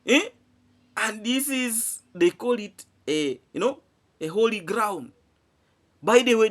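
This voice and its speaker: A man talks straight to his viewers in an animated commentary. He hammers his points home with repeated phrases and rhetorical questions, and his pitch leaps and dips freely as he goes. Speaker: vlogger.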